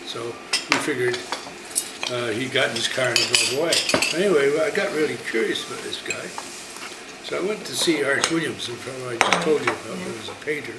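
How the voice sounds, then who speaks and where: A man telling a ghost story to visitors in a casual, animated way, acting out the voices he quotes. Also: mid-range voice, fairly quick, very noisy. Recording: echoey room, loud dish clatter. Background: clattering dishes and cutlery.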